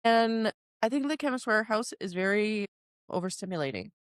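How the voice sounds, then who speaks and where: Lively young Canadian woman chatting. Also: medium pitch, fairly quick, clean tone, no room sound, clean studio sound. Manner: animated storytelling, giggly. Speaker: podcast co-host. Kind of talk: casual chat.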